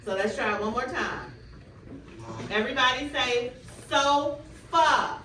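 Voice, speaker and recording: A young woman student teacher leading a class in a phonics drill, with clear, drawn-out prompts and quick praise, recorded in a classroom by a camera at a distance. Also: fairly high pitch. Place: classroom full of children. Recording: echoey, distant classroom recording with background noise.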